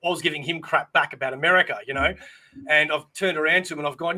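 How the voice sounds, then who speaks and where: Man, Australian accent, guest on a stream, joking storyteller, high voice, bright sharp tone. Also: quick pace. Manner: joking, storytelling, swears casually. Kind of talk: casual livestream chat.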